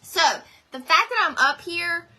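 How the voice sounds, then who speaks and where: A woman's voice: very high-pitched, expressive, measured pace, bright, forceful tone. A woman, rambling and chatting directly to viewers in a motivational live stream from home. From North Carolina. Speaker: direct sales team leader.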